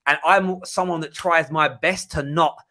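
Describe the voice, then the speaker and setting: A young English man, a guest on a podcast, chatting casually and with energy, often restarting his sentences. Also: on the high side. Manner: animated, quick-talking, lots of restarts. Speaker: podcast guest, rival club fan. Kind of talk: casual chat.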